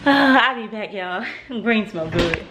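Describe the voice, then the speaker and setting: A woman's voice: mid-range voice, expressive, a little slow, background noise. A young woman, chatting casually to camera in her home kitchen, laughing often and calling her viewers "y'all.". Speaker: vlogger, mother.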